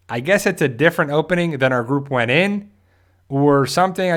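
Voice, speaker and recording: A man hosting a casual live-stream review of a TV episode. He talks in a loose, rambling way, circling back with asides and restarts. His voice sits at an everyday middle pitch. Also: fairly bright tone. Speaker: host of a TV fan channel.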